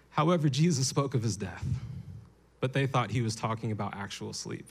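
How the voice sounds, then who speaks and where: A young man preaching a lively sermon, telling stories playfully and slipping into acted voices. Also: mid-range voice, fairly quick, breathy edge.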